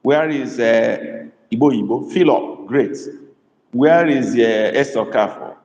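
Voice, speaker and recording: A man teaches a live online class and repeats words slowly and patiently. He calls on students by name. His voice rings in a roomy space with a long reverb tail. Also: medium pitch, darkish tone. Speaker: language tutor. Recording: echoey room with long reverb.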